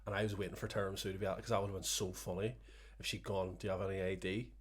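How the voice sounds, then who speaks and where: Fast-talking low man. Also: flat delivery, breathy edge. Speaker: podcast co-host. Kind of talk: casual chat.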